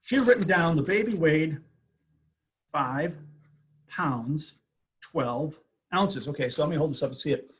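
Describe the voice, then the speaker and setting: An older man with a slightly raised, husky voice tells anecdotes from decades on the air. He talks with animated energy and often jumps up in pitch when he quotes people. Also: a little slow, long pauses. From USA. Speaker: radio host, guest. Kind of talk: storytelling interview.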